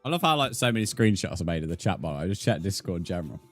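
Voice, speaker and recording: Chatty British streamer, lowish voice. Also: male voice, big pitch swings, quick pace, faint music behind. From Britain. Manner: chatty, banters with chat, calls people mate. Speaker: livestream gamer. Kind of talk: casual live-stream chat with viewers.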